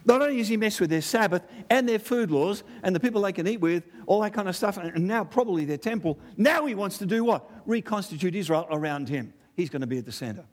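An Australian man in middle age delivers a lively sermon, throwing rhetorical questions and quick asides at his listeners. His voice sits a little high for a man and swings widely in pitch as he presses each point. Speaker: preacher.

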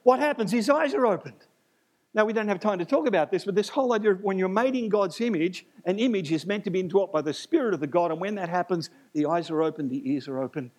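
Male preacher, husky, a bit high-pitched, lively sermon delivery with humorous asides. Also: fast. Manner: animated, rising to emphatic peaks, jokes and asides.

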